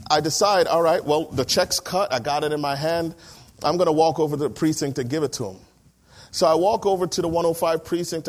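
A man, a pastor, telling a story from the pulpit and acting out the dialogue of the people in it. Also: mid-range voice. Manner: animated storyteller, acts out dialogue. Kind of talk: storytelling sermon.

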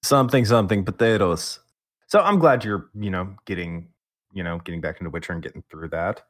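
A man's voice: low-pitched, fairly quick. A man co-hosting a casual gaming podcast, steering the talk and teasing his co-hosts. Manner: leads the talk, teasing, laughs easily. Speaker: podcast co-host.

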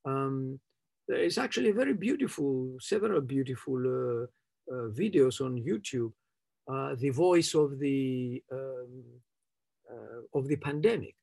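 A man answering interview questions off the cuff, hesitant and searching for words, often restarting and chuckling softly. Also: mid-range voice, animated, unhurried, creaky. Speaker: interviewee speaking on trauma.

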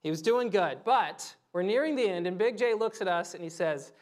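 A preacher in their thirties giving a conversational sermon, telling stories, laughing easily and pausing for quiet reflective asides. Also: medium pitch, animated. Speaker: pastor.

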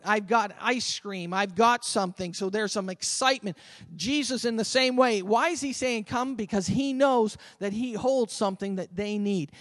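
A man preaching a sermon as pastor, swinging from loud emphatic calls to quiet conversational asides. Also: high-pitched, dry recording, studio quality. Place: church sanctuary.

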